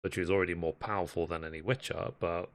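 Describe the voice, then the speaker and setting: A man's voice: low-pitched, fast talker. A man hosting a reaction video, chatting casually to viewers between clips. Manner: relaxed, conversational asides to viewers. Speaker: reaction channel host.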